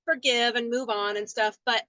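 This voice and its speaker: Woman, high-pitched, earnest rambling storyteller, dry close sound, call audio through car hands-free. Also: steady tone, moderate pace, sharp tone, no echo, poor audio. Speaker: team member sharing on a call. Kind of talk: casual testimony sharing. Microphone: call audio through car hands-free system.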